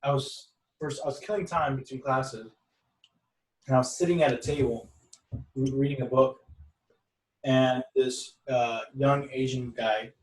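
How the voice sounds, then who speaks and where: A man's voice: medium pitch, steady tone, unhurried, pauses often, recorded from a distance. Man, podcast guest, casual rambling storyteller, echoey room, set back from the mic. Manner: rambling storyteller with many restarts and quoted dialogue.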